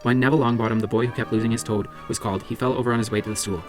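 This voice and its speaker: A man reading a children's novel aloud for a library book club, brisk with small slips and restarts. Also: medium pitch, fairly even intonation, music in the background.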